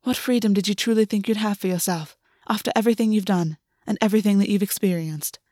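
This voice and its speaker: A woman's voice: mid-range voice, fast talker, warm tone, no room sound, studio quality, close to an everyday voice. A woman reading aloud and voicing a scheming, petty male fae lord who talks persuasively. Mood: urgent.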